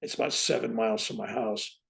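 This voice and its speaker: A man in his seventies, a guest on a talk show, telling his own story in a lively way and often asking "right?". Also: lowish voice, a little fast, creaky. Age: 70s. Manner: lively, keeps tagging "right?" onto his points. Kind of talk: animated personal storytelling.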